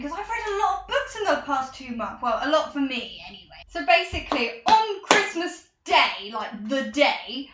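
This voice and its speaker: An excitable teenage girl, chatting and rambling to her camera in a casual vlog. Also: high voice, normal speed, slight background noise. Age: teens. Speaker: vlogger. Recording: echoey room, dull lo-fi sound.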